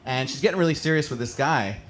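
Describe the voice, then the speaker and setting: Over music, a fast-talking man with a mid-range voice hosts a stand-up show, holding a handheld mic and telling stories to a live audience. He's from the American suburbs, fills his speech with chatty fillers, and laughs at his own jokes.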